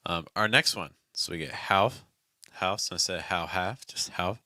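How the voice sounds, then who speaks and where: Deep guy doing a pronunciation lesson, repeats phrases slow, punchy tone. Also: sharp tone, no room sound, studio quality. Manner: models phrases slowly and repeats them. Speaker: English pronunciation teacher. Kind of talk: online pronunciation lesson, live stream.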